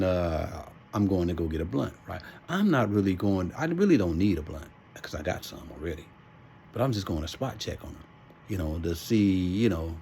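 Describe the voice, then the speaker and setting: A man's voice: low voice, a little mellow, slight background noise. A man casually telling a rambling personal story, full of profanity and repeated "you know what I'm saying". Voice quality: gravelly and husky.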